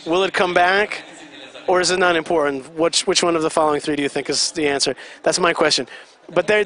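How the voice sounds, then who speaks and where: A high-voiced man gives chatty live commentary at an event. He keeps explaining what is going on and quizzes his listeners. Vehicle noise can be heard outside behind him. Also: fairly bright tone. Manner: chatty, explaining, asks the audience questions.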